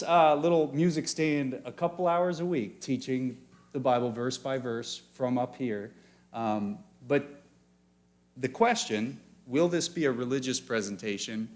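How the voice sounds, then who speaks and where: A man speaking to a church audience as a pastor introducing a community presentation, friendly and joking, reading quotes slowly with emphasis. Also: mid-range voice. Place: church meeting room.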